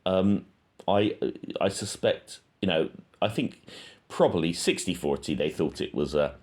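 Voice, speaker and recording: Deep-voiced man musing hesitantly. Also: measured pace, darkish tone. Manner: hesitant, thinking aloud with frequent ums. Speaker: true-crime channel host. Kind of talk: casual spoken monologue.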